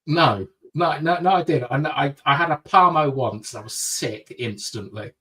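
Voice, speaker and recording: A man's voice: a little high, normal speed, sharp tone, distant mic. A man co-hosting a casual podcast chat, making dry, sarcastic jokes. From North East England. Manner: dry, joking, with sarcastic asides. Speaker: podcast co-host.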